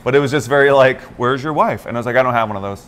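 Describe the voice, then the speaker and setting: A medium-pitched man speaks very fast, with a little hiss or hum, while co-hosting a morning talk show. His casual storytelling is animated, and he performs the lines of those he quotes in different voices.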